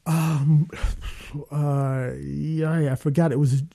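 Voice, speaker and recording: A man, an actor being interviewed, who tells rambling, animated stories with lots of fillers. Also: fairly high pitch, slow pace, gravelly. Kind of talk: casual storytelling.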